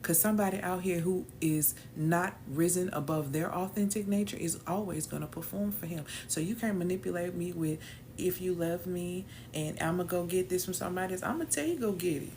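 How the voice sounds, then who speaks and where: A woman's voice: on the low side, steady tone, fairly quick, dark tone, a little hiss or hum. Emphatic, preachy woman host. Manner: emphatic, preachy, repeats key phrases. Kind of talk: motivational talk.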